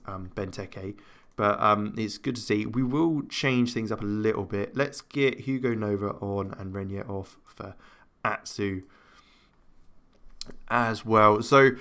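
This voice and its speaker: A man casually commentating his own football management game, chatting to himself, laughing often and breaking into loud cheers. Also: fairly low pitch. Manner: excitable, jumps to loud cheers at goals. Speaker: gaming commentator. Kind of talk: casual let's-play commentary.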